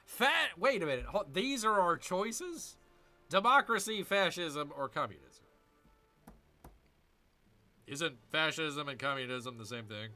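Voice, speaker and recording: Bright, lively man grumbling through a game. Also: fairly high pitch, a little slow, long pauses, soft background music. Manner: jokey, grumbling, mock growls. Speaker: gaming channel host. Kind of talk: casual strategy game commentary.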